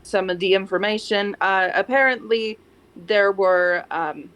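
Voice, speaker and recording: A woman voicing a cheerful male figure with a loose attempted French accent, speaking politely and haltingly. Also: mid-range voice, steady tone, fairly bright tone, clean tone, dull audio, natural voice. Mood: hesitant. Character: chipper, happy male guardian-city figure.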